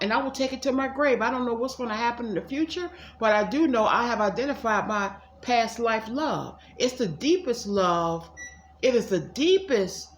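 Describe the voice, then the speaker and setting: A woman's voice: on the high side, animated, moderate pace, roomy sound, a little hiss or hum. A woman giving a casual tarot reading at home, chatty and repetitive, talking straight to her viewers. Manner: chatty, addresses viewers as y'all, repeats herself. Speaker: psychic tarot reader.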